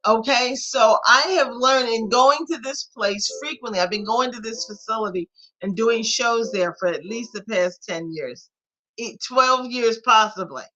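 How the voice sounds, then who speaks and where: A middle-aged woman with a slightly high voice runs a live online sale. She is chatty and animated, and she talks to her viewers like old friends. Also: a little slow, low-quality recording. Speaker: online flash sale host. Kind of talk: live sales chat.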